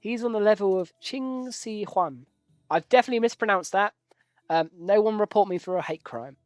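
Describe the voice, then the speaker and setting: A man's voice: high-pitched, normal speed, clear, resonant tone, no room sound, studio quality, soft background music. A man giving casual, rambling live commentary while playing a strategy game, joking at his own expense and swearing now and then. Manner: rambling, jokey, self-deprecating.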